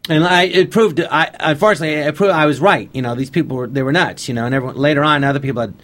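A man's voice: a little high, very fast, a bit bright. A man being interviewed on a radio show, telling anecdotes casually and acting out the conversations he remembers. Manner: anecdotal, acts out past conversations in quotes. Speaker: guest comedian.

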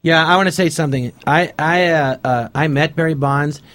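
A man's voice: fairly high pitch, normal speed, fairly bright tone. A man being interviewed on a radio show, telling anecdotes casually and acting out the conversations he remembers. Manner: anecdotal, acts out past conversations in quotes. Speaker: guest comedian.

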